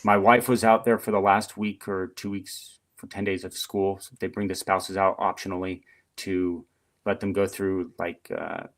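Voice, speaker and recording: A middle-aged man, a retired Marine guest on a podcast, telling stories in a chatty, animated way with lots of fillers. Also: sits low. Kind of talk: casual storytelling interview.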